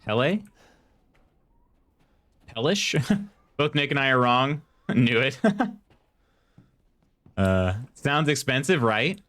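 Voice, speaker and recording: Casual male streamer, mid-pitched, talks loosely to chat while playing. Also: lively intonation, slow pace, pauses often, a bit bright. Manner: chatty, reads chat aloud and muses while playing; reads in-game text aloud. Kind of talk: casual live gameplay commentary.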